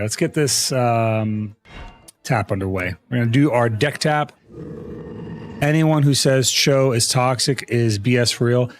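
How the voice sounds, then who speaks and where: A man streaming a game live, chatting casually with his viewers, rambling with many fillers and restarts. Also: mid-range voice. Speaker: gaming streamer.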